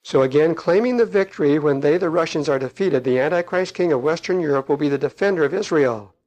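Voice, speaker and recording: Man, middle-aged, preacher, sermon reading aloud, slow deliberate emphasis, fillers, fairly high pitch. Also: a little mellow, low-quality recording.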